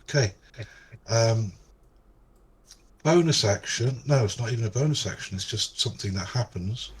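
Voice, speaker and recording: A man's voice: medium pitch, normal speed, slightly rough. Man totting up dice damage aloud. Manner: works out damage aloud, corrects himself. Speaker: player. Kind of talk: playing a tabletop game.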